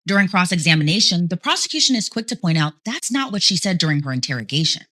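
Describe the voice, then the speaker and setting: A woman giving scripted true-crime narration in a steady storytelling manner. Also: on the low side, fast talker.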